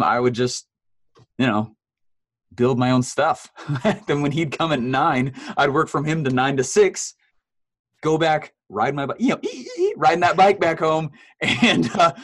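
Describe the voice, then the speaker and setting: A man in his thirties is a guest in a casual interview, telling his story. He's animated and laughs a lot, and his pitch jumps up whenever he quotes someone.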